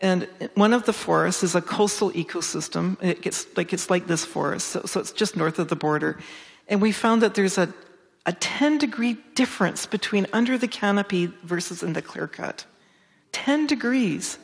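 A woman's voice: moderate pace, creaky. Enthusiastic woman researcher in a reverberant hall. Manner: enthusiastic, restarting phrases, leaps in pitch when excited. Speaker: forest researcher and author. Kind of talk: public talk answering interview questions.

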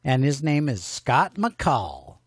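A man's voice: mid-range voice, sing-song, slow, breathy edge, dry recording, studio quality. A man hosting a casual homemade radio show, bantering playfully in a fatherly way. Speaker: host.

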